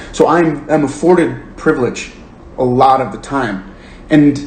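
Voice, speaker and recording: A man's voice: on the high side, darkish tone. A man hosting a book club livestream, reading comments and talking things through in an earnest, thoughtful way that stammers and restarts. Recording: roomy echo with faint room noise.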